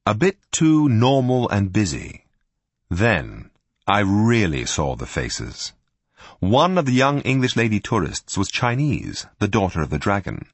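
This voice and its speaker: A man narrates a first-person story in a wry, storytelling voice that swoops high and low. His tone is somewhat husky and fairly low. The recording is close and dry. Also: no room sound. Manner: wry, lively storytelling that slips into character voices. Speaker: audiobook narrator.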